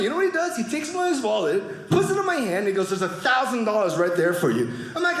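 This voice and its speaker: A man's voice: high voice, huge pitch swings, brisk, a loud crowd. A man in his forties doing a stand-up comedy set, telling stories with animation and acting out other people's voices. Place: comedy stage before a live audience. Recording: echoey room with audience noise.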